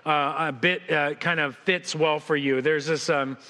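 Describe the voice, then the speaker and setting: High, bright-voiced man preaching a sermon. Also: fairly even intonation, a little slow, long reverb tail. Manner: conversational and joking, with frequent restarts. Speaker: senior pastor. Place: church sanctuary.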